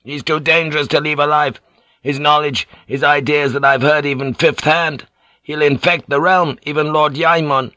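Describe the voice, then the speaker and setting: A man's voice: on the high side, fairly even intonation, sharp tone, no echo, pitched above the performer's own voice. A man doing a stern brooding samurai. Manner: stern, measured and formal. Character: proud, brooding samurai husband.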